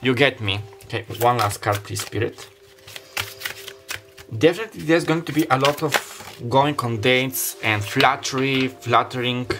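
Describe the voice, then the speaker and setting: A man's voice: medium pitch, a little slow, over music. A man giving a casual tarot reading, rambling and free-associating as he lays out the cards. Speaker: tarot reader.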